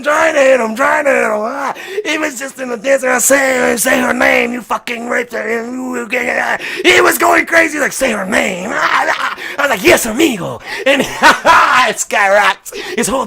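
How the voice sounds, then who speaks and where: A man hosting his own video, talking in an excited, profane rant and often shouting and laughing. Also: very high voice, gravelly. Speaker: video host.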